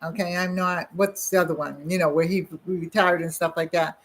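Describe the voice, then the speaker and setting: A woman's voice: fairly low pitch, fairly even intonation, normal speed. An older woman hosting her own channel, chatting casually and telling rambling stories full of asides and restarts. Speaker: channel host. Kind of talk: casual chat.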